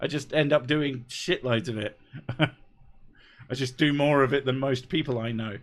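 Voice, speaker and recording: A man's voice: mid-range voice, measured pace. Laid-back, sweary man streamer. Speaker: YouTuber reading live chat. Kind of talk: casual live-stream chat.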